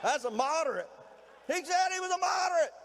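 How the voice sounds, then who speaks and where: A middle-aged man with a Southern Mississippi drawl works a crowd in a folksy, rousing rally speech, his voice pitched strikingly high as he shouts. The recording rings with long reverb from a big hall, and a faint noise sits underneath. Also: lively intonation, a little fast. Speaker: state governor speaking at a political rally.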